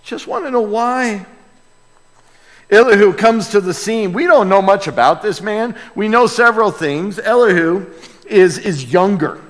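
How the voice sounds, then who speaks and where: A male pastor preaching a sermon in a church, emphatic and dramatic, dropping to quiet asides and then rising to loud outbursts. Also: high-pitched, animated, normal speed. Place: church sanctuary with a sound booth. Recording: long reverb in a large hall.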